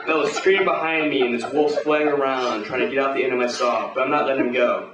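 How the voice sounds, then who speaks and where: A man tells a pulp action tale aloud in a gruff, swaggering way, cursing freely and talking like a hardboiled hero. His voice sits at a middle pitch. The sound is roomy and distant from the mic, with a faint noise behind it. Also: fast talker, hardly any pauses. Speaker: storyteller.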